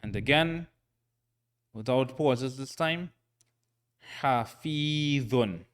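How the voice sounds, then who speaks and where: A man teaching a recorded Quran reading lesson, patient and checking in often, sounding out syllables slowly and repeating them. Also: medium pitch. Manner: slow, patient, frequent "right?" check-ins.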